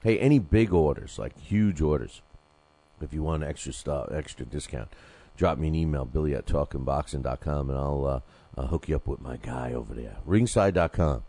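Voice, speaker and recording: A man's voice: rumbling low, expressive, moderate pace, gravelly, dark tone. An older man hosting a boxing podcast, rambling loosely through sponsor reads with jokes and lots of fillers. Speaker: podcast host reading sponsor ads. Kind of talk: casual boxing podcast talk.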